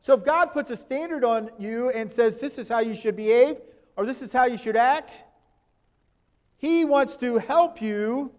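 A man's voice: very high voice, a little slow. A man preaching a sermon in a conversational way, asking his listeners questions and reading scripture aloud. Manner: reads scripture verses aloud.

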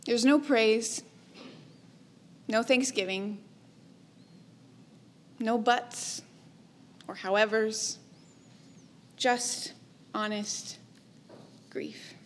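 A woman preaching a sermon, her voice sitting a little high for a woman. She speaks slowly and deliberately, with a measured, reflective delivery and softly trailing endings. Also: slight background noise.

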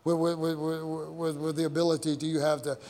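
A pastor preaches a sermon, telling stories in a rambling way full of repeated words and restarts. His voice is a little high with a darkish tone, delivered flat and briskly, and a long hall reverb colors the recording.

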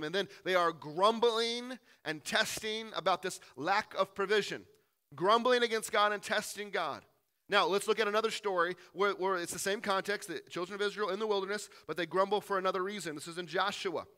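A man's voice: sits high, pushed and bright. A man preaching a teaching sermon, reading verses aloud and asking rhetorical questions. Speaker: pastor. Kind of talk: sermon, teaching through scripture.

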